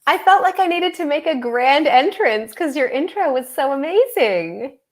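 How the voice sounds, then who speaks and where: A woman's voice: high voice, big pitch swings, moderate pace. A Canadian woman, a business coach and author, chatting in a bubbly way as a podcast guest. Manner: bubbly, laughs often, chatty. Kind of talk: casual interview chat.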